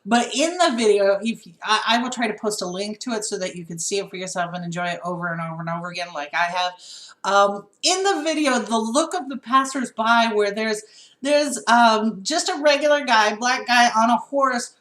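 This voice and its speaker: A woman co-hosting a casual political chat show, telling stories with animated laughter. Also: fairly high pitch, normal speed, echoey room. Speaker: podcast co-host.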